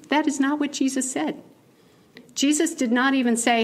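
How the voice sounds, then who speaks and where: Playful woman preaching, higher voice. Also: moderate pace. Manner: playful and animated, laughing at her own asides. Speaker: keynote speaker. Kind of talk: conversational sermon.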